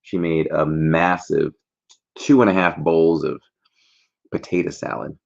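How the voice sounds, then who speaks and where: A man's voice: rumbling low, steady tone, a little slow, vocal fry, highs cut off. A man hosting a casual trivia livestream, chatty and jokey, rambling between questions.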